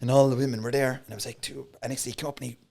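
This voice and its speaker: A man's voice: mid-range voice, rapid-fire. A man with an Irish accent, a comedian guest telling stories in a casual podcast interview. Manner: animated storyteller, acts out voices.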